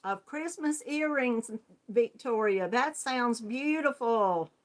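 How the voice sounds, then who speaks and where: A woman's voice: a little high, animated, takes it slowly. A middle-aged woman with a Southern US accent hosting a crochet channel, chatting with viewers in a friendly way, often laughing and calling them hon. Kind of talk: casual chat greeting viewers.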